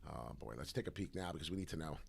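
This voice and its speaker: A man giving casual crypto chart analysis, loose and animated, tossing in "right?" constantly, his voice rough in the morning. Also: a bass voice, quick pace. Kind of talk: casual livestream chart talk.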